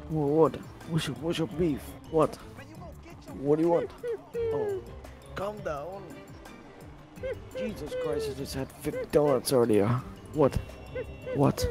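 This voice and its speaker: A man's voice: on the high side, wildly swooping pitch, slow pace, long pauses, over music. Flustered, swearing man in game role-play.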